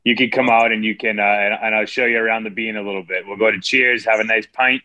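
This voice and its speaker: A man's voice: fairly low pitch, steady tone, fast, sharp tone, dull audio. A man with a Boston accent co-hosting a casual sports podcast, hearty and good-natured. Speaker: podcast co-host.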